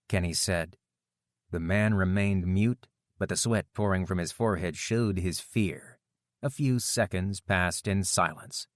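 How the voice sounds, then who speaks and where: A male audiobook narrator with a low, grounded voice and steady, measured delivery. The recording is dry and close. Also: dry recording. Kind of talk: scripted narration.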